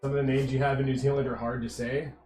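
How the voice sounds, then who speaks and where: A man's voice: medium pitch, level tone, fast talker, darkish tone, faint music behind. A man from Texas with a mild Texan accent, chatting casually and rambling with many restarts and fillers while live-streaming. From Texas, USA.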